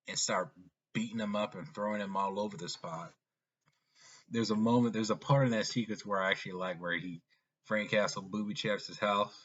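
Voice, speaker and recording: A man giving a casual, rambling movie review, often restarting and filling pauses as he talks. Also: fairly low pitch, fairly bright tone, husky. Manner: rambling, with frequent restarts and fillers. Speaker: film reviewer. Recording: dull lo-fi recording.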